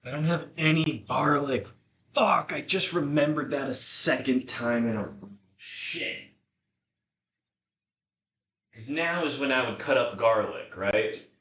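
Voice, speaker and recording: A man streams live while cooking in his home kitchen, sipping beer, rambling, swearing a lot and talking to his dog. His medium-pitched, fairly bright voice is slow with long pauses, picked up by a distant mic in a roomy kitchen.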